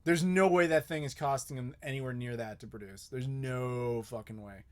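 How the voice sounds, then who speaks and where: A man's voice: medium pitch, moderate pace. A young man hosting a live Q&A, chatting casually and bluntly, swearing often and joking with viewers. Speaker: host.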